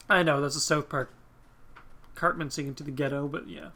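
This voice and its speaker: A man's voice: on the high side, steady tone, fairly quick, pauses often, sharp tone, a little hiss or hum. A man hosting a let's play, chatting casually with rambling asides and the odd swear. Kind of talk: casual gameplay commentary.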